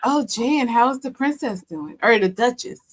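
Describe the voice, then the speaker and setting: A woman from the United States chatting casually as a guest, bubbly and quick to laugh. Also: a little high, animated, slightly rough, no echo. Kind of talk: casual livestream chat.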